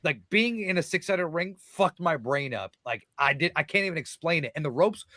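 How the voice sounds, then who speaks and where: A man's voice: on the high side, expressive, moderate pace, sharp tone, no room sound. A man, a wrestler, telling stories on a casual podcast, swearing often, laughing through them, acting out other people's lines.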